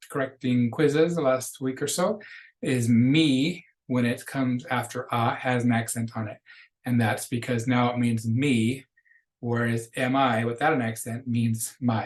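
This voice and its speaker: Casting note: middle-aged male teacher, mid-pitched, patient, careful, slows down for examples. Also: poor audio. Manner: patient, explanatory, slows to model Spanish phrases. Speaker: Spanish teacher. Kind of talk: recorded lecture walkthrough.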